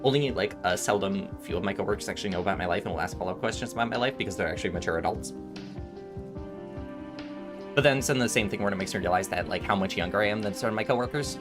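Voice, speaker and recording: Low-voiced young male streamer, rambling. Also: racing, music in the background. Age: 20s. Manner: rambling storytelling with frequent restarts. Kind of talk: casual chat while gaming.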